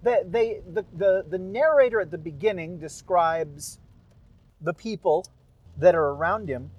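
A man's voice: a little high, darkish tone, husky, rough recording. A man talking casually about his narration work, rambling with self-deprecating asides. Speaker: podcast narrator of public domain stories. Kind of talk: casual chat after a reading.

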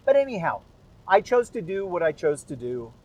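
A man's voice: high voice, sing-song, moderate pace, a little mellow, rough recording. A man talking casually about his narration work, rambling with self-deprecating asides. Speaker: podcast narrator of public domain stories. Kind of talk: casual chat after a reading.

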